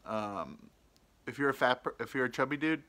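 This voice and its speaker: A man's voice: medium pitch, expressive, moderate pace, bright, forceful tone. A young man hosting a podcast, telling a rambling, self-deprecating story in casual chat. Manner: rambling, self-deprecating, mimics people he quotes. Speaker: podcast host.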